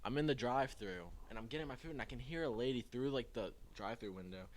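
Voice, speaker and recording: A young man from Maryland telling rambling stories as a podcast guest, full of fillers. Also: fast talker. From Maryland, United States. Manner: rambling storyteller, many likes, jumps up in pitch when indignant. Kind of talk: casual chat.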